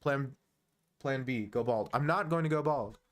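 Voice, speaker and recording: Joking young American chess streamer. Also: male voice, medium pitch, normal speed. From United States. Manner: joking, teasing banter, chuckles often. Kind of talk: casual stream chat with chess analysis.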